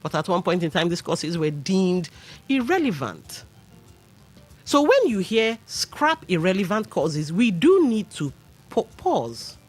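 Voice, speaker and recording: A woman's voice: on the low side, very animated, a little slow, a little mellow. A Nigerian woman hosting a radio talk show, giving opinionated commentary with pidgin asides. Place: radio studio.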